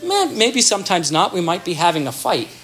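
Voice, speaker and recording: A man's voice: sits high, wildly swooping pitch, brisk, a bit bright. A man giving an explanatory talk on child development, thoughtful, with restarts and everyday examples.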